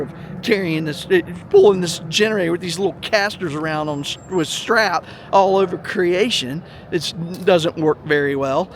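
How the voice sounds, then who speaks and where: A man's voice: sits high, a little hiss or hum. A middle-aged man telling a story in a blunt, profane, heated rant to his viewers. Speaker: vlog host. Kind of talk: blunt ranting monologue.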